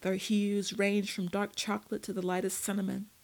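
A woman reading a first-person story aloud in a measured, steady storytelling manner. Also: mid-range voice, creaky, low-quality recording. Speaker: narrator. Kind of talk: first-person audiobook narration.

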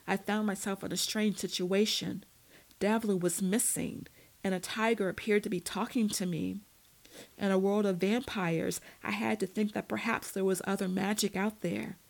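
A woman reading a first-person story aloud in a measured, steady storytelling manner. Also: mid-range voice, creaky, low-quality recording. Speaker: narrator. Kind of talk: first-person audiobook narration.

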